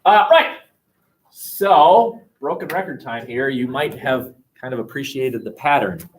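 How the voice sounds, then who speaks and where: A man lectures a history class, joking and firing rhetorical questions at the students. His mid-pitched voice swings widely up and down. He is picked up by a classroom webcam. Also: expressive, measured pace. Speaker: history teacher.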